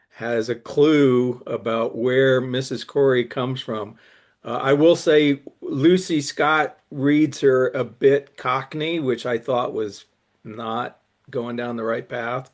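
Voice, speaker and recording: Man, book group host, slow and measured, video-call sound. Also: medium pitch. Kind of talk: online book discussion.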